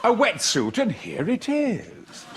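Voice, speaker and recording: A man hosting a comedy panel show in a loud, exuberant, theatrical way. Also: high-pitched, wildly swooping pitch, slow pace. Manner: loud, exuberant, bursts into shouts and laughter. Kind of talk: booming, theatrical comic hosting. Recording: TV studio with loud audience laughter and noise.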